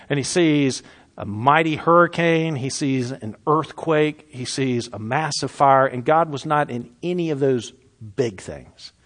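Guy preaching a sermon, big loud lines then real quiet slow ones, plain mid voice. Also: mid-range voice. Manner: dramatic scripture reading, swings from loud to hushed.

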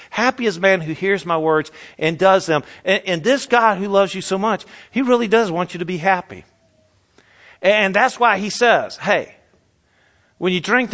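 High-voiced man preaching a lively sermon. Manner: lively preaching with rhetorical questions, acts out quotes. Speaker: pastor.

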